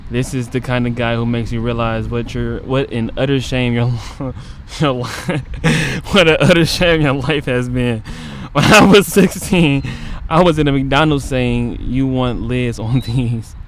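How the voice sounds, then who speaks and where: Man from Detroit, street joke reader, slow and easy, laughs at his own lines, faint traffic noise. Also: mid-range voice. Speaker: street performer reading jokes. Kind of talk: casual joke reading. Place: outdoors on a city street.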